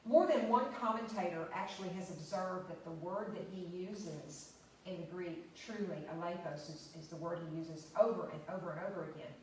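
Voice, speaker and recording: A woman's voice: lowish voice, fairly quick, a little mellow, a little hiss or hum. A woman giving an unscripted church history talk, stressing key words, with fillers and restarts. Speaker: lecturer. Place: church hall. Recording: very echoey, distant room recording.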